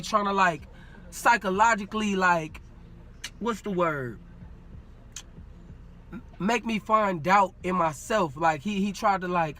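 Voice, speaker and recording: Animated high-voiced man telling a story. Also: slight background noise. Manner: animated, acts out quoted dialogue, street slang. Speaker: podcast guest. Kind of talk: casual storytelling.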